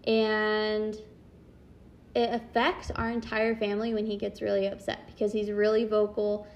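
In dull audio, a young adult woman speaks in a monotone, mid-range voice at a moderate pace. She's a parent reflecting candidly on herself in a chatty, casual monologue with many "like"s.

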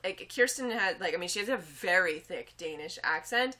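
Excitable woman co-hosting a chat podcast. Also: on the low side, normal speed. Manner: excitable, loud bursts of cheering and laughter. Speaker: podcast co-host. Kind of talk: casual chat. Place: Boulder area.

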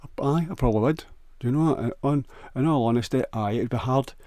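A man's voice: medium pitch, brisk, mellow, no echo, studio quality. A man with a Scottish accent rambling crudely through a jokey solo monologue, often restarting and stumbling over words.

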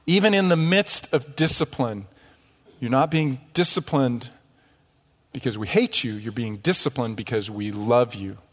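A middle-aged man preaching a sermon as pastor, conversational and lively with touches of humor. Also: mid-range voice, in a large hall. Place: church sanctuary.

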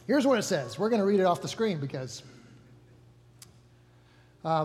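A man with a high-pitched voice preaches a sermon in an easy, joking way. He stops to correct himself and talks to the room like friends. The sound rings with the long reverb of a large hall. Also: very animated, normal speed, long pauses, darkish tone. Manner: casual, joking, self-correcting. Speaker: pastor. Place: church hall.

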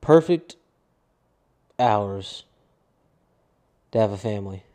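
Tired, downbeat man with a mellow voice. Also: lowish voice, moderate pace. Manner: profane, rambling, tired and downbeat. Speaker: podcast host. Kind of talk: casual solo podcast rant.

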